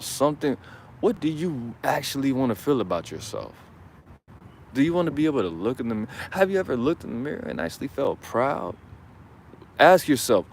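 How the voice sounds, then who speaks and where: A man's voice: medium pitch, a little hiss or hum. A man hosting his own channel, giving advice in casual commentary, rambling and preachy with profane jokes.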